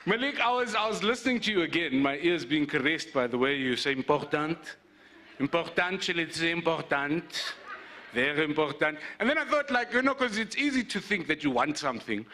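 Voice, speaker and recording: Animated South African comedian hosting. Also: male voice, sits high, quick pace, few pauses, a little hiss or hum. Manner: animated, joking, playful asides. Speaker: event host and comedian.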